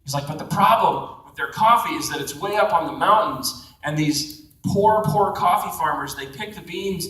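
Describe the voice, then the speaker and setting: A man speaking as a youth event speaker, telling a story in an animated way and acting out voices. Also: on the high side, moderate pace, far from the mic, a little hiss or hum. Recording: echoey hall, mic from afar.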